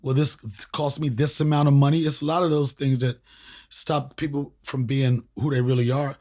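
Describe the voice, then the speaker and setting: A man, a comedian and podcast host, telling a story in a casual interview with emphatic, profane, animated talk. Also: mid-range voice, normal speed. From Washington, D.C. area. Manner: animated, profane, emphatic, repeats phrases for punch.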